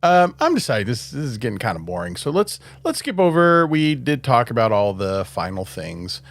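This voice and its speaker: A man's voice: medium pitch, huge pitch swings, normal speed, dry recording. A man co-hosting a podcast in casual chat, rambling with lots of fillers and laughing often. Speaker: podcast co-host.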